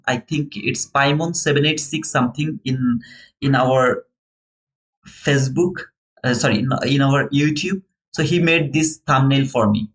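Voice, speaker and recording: A man's voice: mid-range voice, rough recording. A young man with a non-native English accent, talking viewers through his live trades in a casual, earnest way and calling them brother. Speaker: live-stream futures trader and host. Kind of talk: casual live trading commentary.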